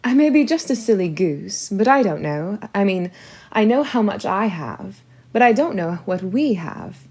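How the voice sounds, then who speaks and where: A woman's voice: mid-range voice, animated, darkish tone. A woman voicing a vain, pouting middle-aged stepmother in a storybook reading. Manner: pouty, whiny, drawn-out.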